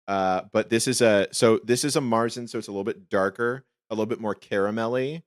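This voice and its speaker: A man with a very low voice hosts a casual podcast chat. He rambles, jokes and drifts off on tangents. The sound is dry and close. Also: fairly quick, dry recording. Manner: joking, rambling, playful voice shifts. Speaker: podcast host.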